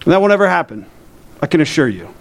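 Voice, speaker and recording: Conversational pastor preaching, slightly high voice. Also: male voice, very animated, fast, vocal fry. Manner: conversational, asks the congregation questions. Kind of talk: sermon. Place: church.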